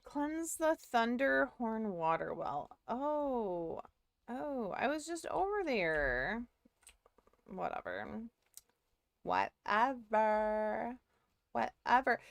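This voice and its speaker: Giggly high-voiced woman streamer. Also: sing-song, slow pace, gravelly, no echo. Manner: giggly, rambling, talks to chat. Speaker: game streamer. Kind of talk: casual livestream chat while gaming.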